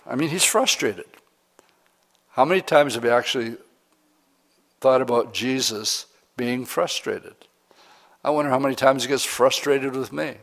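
A middle-aged man preaching as a pastor, reading scripture slowly and then explaining it in plain, conversational words with questions to the congregation. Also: medium pitch, fairly bright tone. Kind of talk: verse-by-verse Bible teaching sermon.

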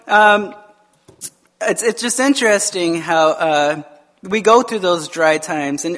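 A male pastor preaching a casual, conversational sermon in church, lively and full of restarts, acting out the voices he quotes. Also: high-pitched. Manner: casual and chatty, with frequent restarts and laughs. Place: church sanctuary, also streamed online.

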